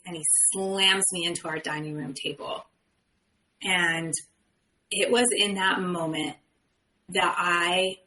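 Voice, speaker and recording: A middle-aged woman candidly recounting her own story on a podcast, animated and quoting the people in it. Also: medium pitch, poor audio. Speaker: guest telling her story.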